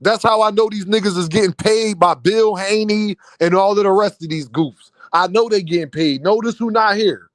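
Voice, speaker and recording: A man's voice: high-pitched, normal speed, hardly any pauses, dry recording. A man hosting a livestream in casual commentary, emphatic and repeating his points straight to the chat. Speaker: livestream host. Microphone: streaming mic.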